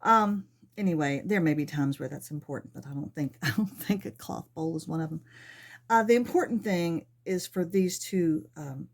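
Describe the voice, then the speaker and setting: A woman's voice: sits low, normal speed. A middle-aged woman chatting casually and rambling a little as she works through a sewing project at home. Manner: chatty, rambling, soft-spoken asides. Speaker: sewing vlogger. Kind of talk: casual chat while sewing.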